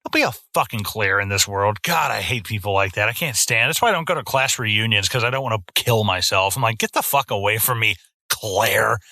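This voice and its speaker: A man's voice: on the low side, expressive, quick pace, hardly any pauses, bright, forceful tone, no room sound, clean studio sound. A man in his twenties co-hosting a film podcast, chatting casually and ranting with lots of swearing, often dropping into mock voices. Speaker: podcast co-host. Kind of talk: casual film-review chat.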